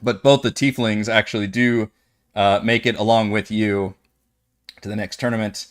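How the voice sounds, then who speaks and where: A man running a tabletop game as game master, narrating in an animated, loose way with many fillers. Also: fairly low pitch, normal speed.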